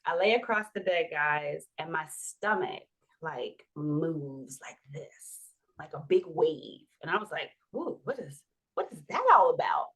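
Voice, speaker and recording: A woman's voice: deep voice, a little slow, husky. A woman in her forties, a podcast guest, telling a personal story with laughs and acted-out dialogue. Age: 40s. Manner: animated, laughing, acts out quoted dialogue.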